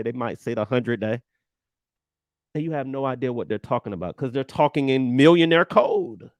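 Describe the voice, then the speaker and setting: A man teaching an energetic online trading lesson, animated, emphatic and blunt with his viewers. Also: mid-range voice, normal speed, no echo. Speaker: trading coach.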